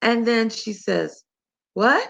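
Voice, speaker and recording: An older woman hosting a health talk, telling a story in a chatty, animated, conversational way. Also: on the high side, a little slow, lo-fi sound. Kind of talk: casual monologue to listeners.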